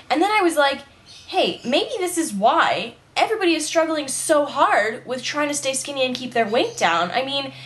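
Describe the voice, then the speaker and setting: A young woman with a fairly high voice chats into the camera at home, still in her morning voice just after waking up. She rambles easily, filling her talk with "like" and "you know.". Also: fairly bright tone. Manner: chatty, rambling, says "like" and "you know" often. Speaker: vlogger. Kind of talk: casual vlog monologue. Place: at home, indoors.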